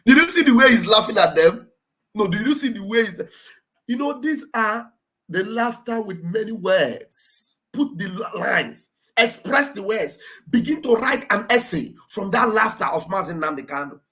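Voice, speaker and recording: A Nigerian man giving live political commentary, animated and mocking, often laughing and mimicking others, with a preacher-like fervor. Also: sits high, a little slow, poor audio. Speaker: livestream commentator.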